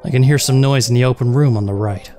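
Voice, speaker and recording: A man's voice: mid-range voice, fast, mellow, slight background noise. A man playing a horror game on camera, reading the game's lines aloud and adding sarcastic, joking remarks as he goes. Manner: sarcastic, reacting aloud while playing alone. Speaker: gaming channel host. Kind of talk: let's play commentary with read-out game text.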